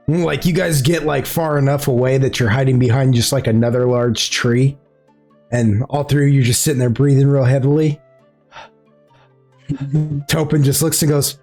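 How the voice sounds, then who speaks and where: A man's voice: mid-range voice, fairly even intonation, normal speed, a little mellow, soft background music. A man running a tabletop game as game master, narrating playfully and laughing often.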